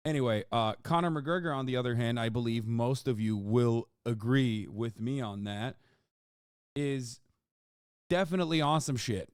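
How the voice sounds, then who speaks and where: A man streaming a video reaction, joking loudly with profanity as he talks to his chat. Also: medium pitch, moderate pace, clear, resonant tone, no room sound, studio quality. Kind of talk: casual livestream reaction talk.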